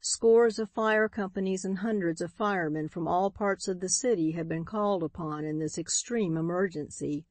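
Woman narrating an audiobook, low and dry. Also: normal speed, hardly any pauses, darkish tone, dry recording. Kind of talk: scripted narration.

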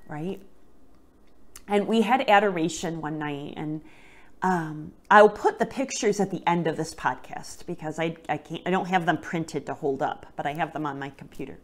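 Soft-spoken woman, low voice. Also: expressive, normal speed. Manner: gentle, reflective storytelling that drops to a hushed near-whisper. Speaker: podcast host telling a personal story. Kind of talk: personal faith testimony.

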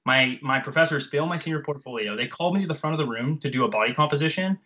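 Young male coach, rapid-fire casual storyteller who swears freely. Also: fairly high pitch, poor audio. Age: 20s. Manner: animated, profane, filler-heavy. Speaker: jump training coach.

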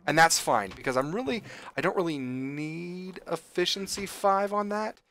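A man hosting a gaming channel, chatting casually as he plays, excitable and chatty, often exclaiming. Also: high-pitched, moderate pace. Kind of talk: casual game commentary.

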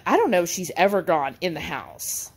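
A woman vlogger chats to her viewers in a husky, slightly breathy voice. Her talk is animated and full of storytelling asides. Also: fairly low pitch, moderate pace, rough recording. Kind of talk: casual chat to camera.

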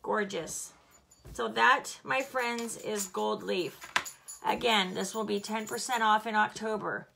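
A chatty, bubbly woman giving a live product demo, slightly hoarse from hollering and laughing often. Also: mid-range voice, takes it slowly, background noise. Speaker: home fragrance seller.

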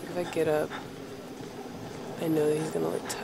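A woman's voice: deep voice, little pitch movement, brisk, vocal fry, heavy background noise. A woman giving let's play commentary on a horror game, nervously muttering and swearing to herself as she plays.

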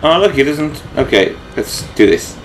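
A man's voice: mid-range voice, very animated, normal speed, noisy background. A man co-hosting a casual game playthrough, making sarcastic remarks and laughing often. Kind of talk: casual let's-play commentary.

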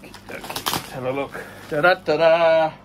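A middle-aged man hosting his own vlog, chatting casually through a live unboxing, excitable and humming to himself as he opens a parcel. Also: high-pitched, takes it slowly, noisy background. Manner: excitable, hums while working, mock-sarcastic. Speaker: vlog host.

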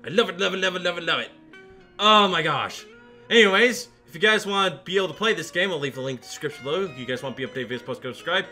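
An excitable man narrates a video game run in a high, animated voice with wide swings in pitch. He shouts and chants goofy repeated phrases as he plays. Loud game music runs underneath him. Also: rapid-fire. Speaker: gaming video host. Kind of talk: let's play commentary.

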